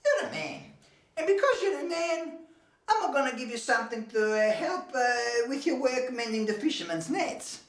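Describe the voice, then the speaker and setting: A man voicing a fussing old mother, pleading in a high falsetto. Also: lively intonation, normal speed, a bit bright, reverberant, distant mic, full character voice.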